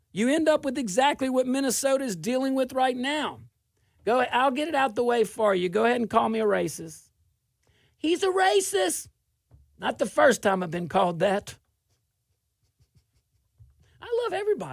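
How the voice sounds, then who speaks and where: Man, middle-aged, from South Louisiana, talk show host, sarcastic monologue, gravelly, dry sound. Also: very high-pitched, moderate pace, dry recording. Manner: sarcastic, animated, laughing. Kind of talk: political commentary monologue.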